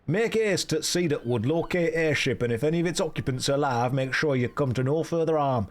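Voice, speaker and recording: A man voicing a gruff, commanding male naval officer in a video game, his put-on accent drifting between dialects as he reads. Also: fairly high pitch, moderate pace, pitched above the performer's own voice, close to an everyday voice. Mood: formal, commanding.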